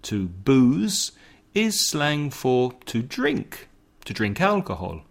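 A middle-aged man hosting a lesson podcast. He talks slowly and clearly, spelling words out one letter at a time. His voice stays in a middle pitch and moves up and down a lot as he acts out everyday phrases. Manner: slow, deliberate, spells words out, animated example lines. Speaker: English teacher, podcast host. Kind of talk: scripted language lesson.

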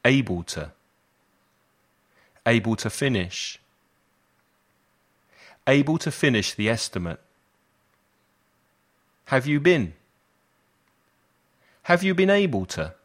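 Slow, deliberate male teacher. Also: mid-range voice, big pitch swings, fairly bright tone. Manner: slow, deliberate repetition for learners. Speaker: English teacher. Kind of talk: slow language lesson drills.

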